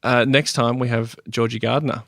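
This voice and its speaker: A man's voice: medium pitch, steady tone, normal speed, vocal fry, a bit bright, no echo, studio quality. A man co-hosting a podcast, teasing and jokey in casual chat. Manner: teasing and jokey, laughs a lot. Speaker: podcast co-host.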